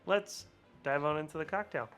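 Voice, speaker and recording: A man's voice: a little high, moderate pace, fairly bright tone, muffled recording, faint music behind. A man hosting a casual cocktail-making vlog, chatty and laughing often with rambling asides, a little hungover. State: slightly hungover. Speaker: cocktail channel host.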